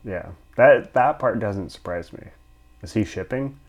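Casting: deep-toned male host, casual, quick interjections. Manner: chimes in with short remarks, lively when retelling. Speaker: podcast host. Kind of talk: casual chat.

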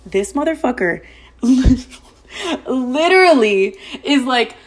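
Rapid, gossipy young woman podcaster. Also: sits high, expressive. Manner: rapid, profane, gossipy, heavy use of "like". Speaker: podcast host. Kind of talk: casual storytelling.

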